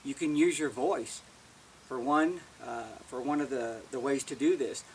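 A man's voice: mid-range voice, a little slow, a little mellow, far from the mic, a little hiss or hum. A man giving a casual, plain-spoken how-to demonstration as an elk-calling instructor, often restarting words.

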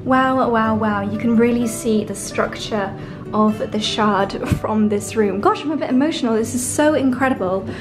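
Woman, 30s, slightly high voice, gushing vlog host touring a hotel room, clear music bed underneath. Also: normal speed. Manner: gushing, breathless with delight, repeats exclamations. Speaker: fashion and lifestyle vlogger.

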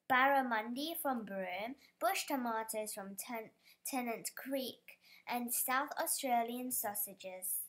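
Slow-reading woman, children's storybook. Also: a little high, a bit bright. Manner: careful, stumbles on some words. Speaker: storybook reader. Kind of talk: reading a children's picture book aloud.

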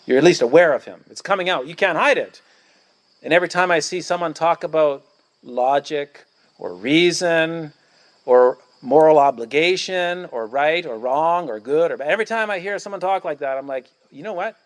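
Emphatic, fairly high-voiced male pastor preaching. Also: moderate pace. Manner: emphatic, repetitive, declamatory. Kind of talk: sermon. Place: outdoors at a church picnic.

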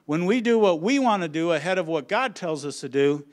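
Speaking a little fast, a higher-voiced conference speaker on children's ministry gives a funny, animated presentation from a stage at a conference. As he tells stories to the audience, he performs his family's lines himself.

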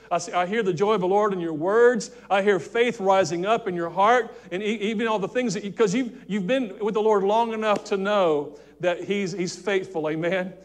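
A man with a notably high voice delivers an earnest sermon from a church pulpit. He stumbles and restarts his phrases often as he works through his points. He pauses to have the congregation repeat key words back to him. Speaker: pastor. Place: church sanctuary.

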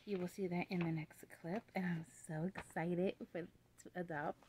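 A woman vlogger chatting in a casual role-play vlog, excitable and full of fillers, sometimes talking low and hushed. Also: normal speed, slight background noise, low-quality recording. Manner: talks low and hushed at times.

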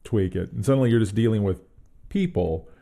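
A man with a low, gravelly voice and a dark, mellow tone talks through a tabletop adventure in casual podcast chat. He thinks aloud as he goes, restarting sentences and hedging his points. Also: lively intonation, a little fast. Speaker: podcast co-host.

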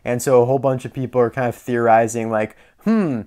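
A man's voice: medium pitch, level tone, fast, dark tone, clean tone. A young man casually reviewing a collectible toy car, chatty and rambling, enthusiastic about small details.

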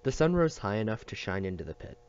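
A man reading a novel aloud at a steady pace, with small slips and restarts. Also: lowish voice, fast talker, clean tone, muffled recording. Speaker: audiobook reader.

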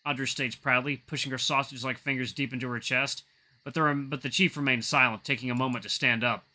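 A man reading a visual novel aloud, narrating in an even, quiet tone with small slips. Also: mid-range voice, quick pace.

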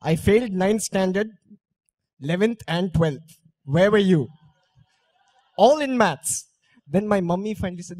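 A man's voice: high voice, lively intonation, unhurried, long pauses, a little mellow, dry recording. Playful man coaxing a crowd. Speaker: speaker on stage. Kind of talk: live talk with audience drills. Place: auditorium stage.

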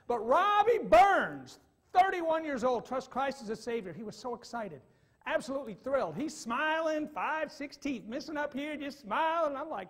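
High-pitched evangelist guy telling a story in church, voice jumps all over, loud then quiet. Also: normal speed. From Michigan. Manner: animated, swings from quiet asides to loud bursts. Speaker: evangelist preacher. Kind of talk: sermon storytelling.

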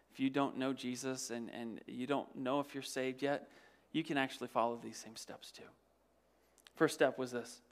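Man, preacher, high-pitched, animated sermon, whispers and exclaims, repeats words. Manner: animated preaching, swinging from soft near-whispers to loud exclamations; repeats words and restarts often. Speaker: pastor.

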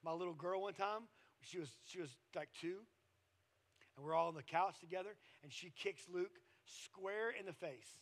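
A man, preaching a sermon in a conversational, storytelling way that often drops to quiet asides. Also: high-pitched, moderate pace. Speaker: pastor.

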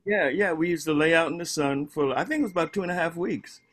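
An older man recalling the film shoot in a casual chat, telling stories in an animated way and repeating his words. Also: on the high side, fast talker. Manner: animated storyteller, repeats words, many fillers. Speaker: former film cast member. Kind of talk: casual reminiscing on a video call.

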